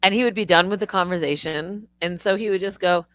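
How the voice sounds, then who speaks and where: A middle-aged woman hosting a live stream, telling stories in a rambling, animated way with swearing and restarts. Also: fairly low pitch, brisk, hardly any pauses, dry recording. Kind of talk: casual live-stream monologue.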